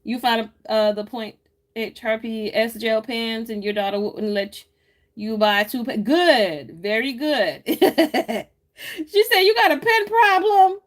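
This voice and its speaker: A woman's voice: on the high side, slow. A woman, chatting casually with her live chat as she decorates her planner, teasing viewers and laughing often.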